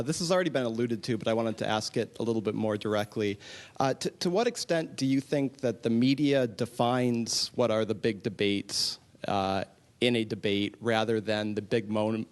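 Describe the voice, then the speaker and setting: A man in the audience asking a long question, hesitant and searching for words. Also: lowish voice.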